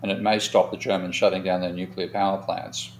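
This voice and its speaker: A man with a deep voice and level tone speaks fairly quickly in an echoey room, with a little hiss or hum in the background. He's an economist hosting a live discussion, frankly rambling through long anecdotes and swearing now and then.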